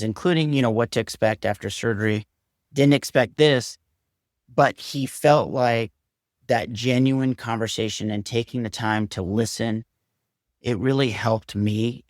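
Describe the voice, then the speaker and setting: Earnest low-voiced man surgeon. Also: dry recording, studio quality. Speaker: surgeon guest. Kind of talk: reflective storytelling interview.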